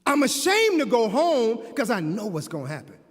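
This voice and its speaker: A man's voice: very high voice, wildly swooping pitch, normal speed, exaggerated voice. A man speaking as a hurting teenage girl who became a young mother, telling her story in pained first person. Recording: long hall reverb.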